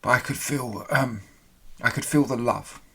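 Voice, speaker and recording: Man telling a halting personal account. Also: mid-range voice, creaky, fairly bright tone, husky. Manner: halting, emotional, with pauses and restarts. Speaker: storyteller recounting his own experience.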